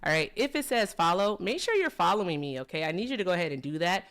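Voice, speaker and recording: Upbeat chatty woman streamer, low voice. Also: animated, quick pace, a bit bright. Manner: chatty, upbeat, says y'all. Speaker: livestream host. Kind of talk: casual livestream chat.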